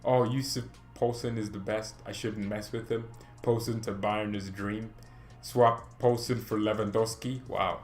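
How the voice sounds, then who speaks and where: A man hosting his own channel, chatting casually and excitedly about football, rambling, laughing and poking fun at himself. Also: lowish voice. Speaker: channel host.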